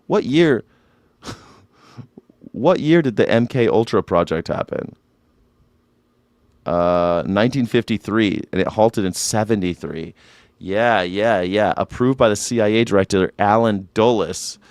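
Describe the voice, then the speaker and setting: A man's voice: lowish voice, a little slow, pauses often, a little mellow, dry recording. A man hosting a live news reaction show, talking in a sarcastic, irreverent way and swearing freely.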